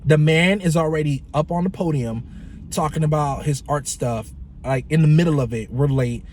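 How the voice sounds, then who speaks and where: A man telling a story in a casual vlog, animated and profane, imitating his friend in shifting voices. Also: on the high side, normal speed, slight background noise. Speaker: vlogger.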